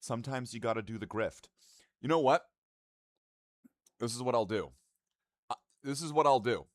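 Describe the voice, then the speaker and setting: A man's voice: medium pitch, moderate pace, no room sound, clean studio sound. Foul-mouthed rambling male streamer. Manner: profane, rambling, mock-indignant banter with chat. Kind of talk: casual live-stream chat.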